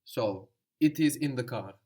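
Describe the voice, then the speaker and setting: A man's voice: mid-range voice, measured pace, dark tone. A man teaching a language lesson, patiently explaining and prompting his student.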